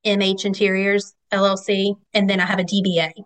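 A woman's voice: mid-range voice, level tone, fairly quick, poor audio. A woman who owns a vendor shop, talking casually as a podcast guest and rambling with lots of fillers. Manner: chatty, rambling, lots of fillers like "you know". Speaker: guest, vendor market owner. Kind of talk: casual interview chat.

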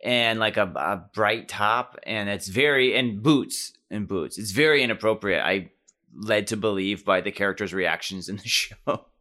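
A man's voice: fairly low pitch, measured pace, sharp tone. A young man co-hosting a podcast in casual chat, joking and rambling with many fillers. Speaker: podcast co-host.

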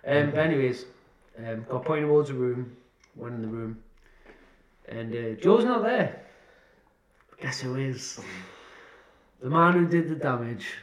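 A man's voice: medium pitch, expressive, unhurried, long pauses. A young man, a podcast co-host who teases and tells stories in casual chat. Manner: cheeky, teasing, acts out quotes. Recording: echoey room.

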